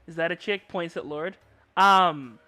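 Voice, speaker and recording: A man live-streaming as a VTuber, chattering excitedly and bickering playfully with his chat, often yelping and shouting. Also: fairly high pitch, unhurried, smooth, soft background music. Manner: frequent yelps and shouts. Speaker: VTuber livestreamer.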